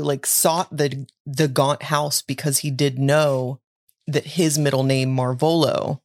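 A woman's voice: rumbling low, dry recording, studio quality. A woman co-hosting a podcast, casually explaining book details and laughing readily. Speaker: podcast co-host. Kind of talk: casual book-discussion chat.

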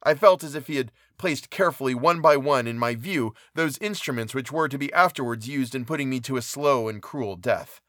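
A man reading a classic novel aloud in a measured, even narration. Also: medium pitch, dry recording, studio quality. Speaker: audiobook reader.

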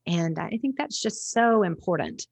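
Reflective woman guest, low-pitched voice. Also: lively intonation, a little slow, slightly rough. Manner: reflective, rambling with restarts. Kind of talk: podcast interview.

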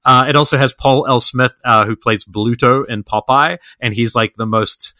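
A man's voice: mid-range voice, fairly even intonation, normal speed, bright, forceful tone, no echo. A man co-hosting a podcast in casual film chat. He talks enthusiastically and rambles with lots of fillers and restarts. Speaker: podcast co-host.

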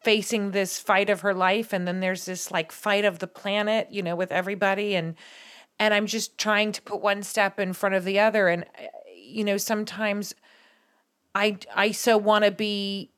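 A woman's voice: mid-range voice, little pitch movement, normal speed, a bit bright, clean tone. Tearful woman in her forties, openly vulnerable. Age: 40s. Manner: emotional, open and vulnerable. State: tearing up. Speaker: podcast co-host. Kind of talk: heartfelt conversation.

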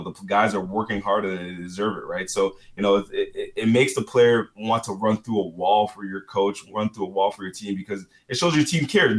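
Low-voiced rambling football analyst man. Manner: rambling, many restarts and "you know, right". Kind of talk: casual sports talk.

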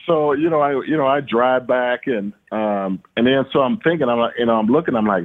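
Heard over a tinny phone-like line, a middle-aged Louisiana man who once played baseball rambles through stories in a mid-range, expressive voice. He talks fairly quickly with hardly any pauses, full of fillers and repeated words, in a casual storytelling interview.

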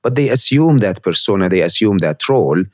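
A man hosting an interview at a guest's home, thoughtful and encouraging, with soft affirming murmurs. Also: on the low side, lively intonation, brisk, no room sound, clean studio sound. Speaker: podcast host. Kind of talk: casual interview.

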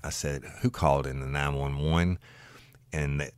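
A man, a former patrol deputy, telling a story from one of his calls in a blunt, animated way and swearing freely. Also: very deep voice, normal speed, clear, resonant tone, no echo. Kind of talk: casual true-crime storytelling.

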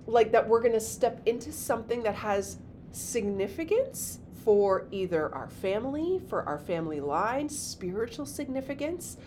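Woman reading scripture with animated flair. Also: a little high, normal speed, slight background noise. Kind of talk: Bible reading and discussion.

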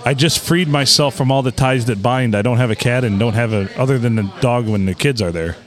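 A man's voice: mid-range voice, brisk. A man co-hosting a casual podcast from a bar, joking around and laughing often. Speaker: podcast co-host. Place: bar on a Sunday night.

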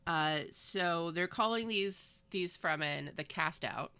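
A woman's voice: fairly low pitch, takes it slowly, sharp tone, clean tone. A woman recapping a book in casual chat, with wry, sarcastic asides. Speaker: podcast co-host.

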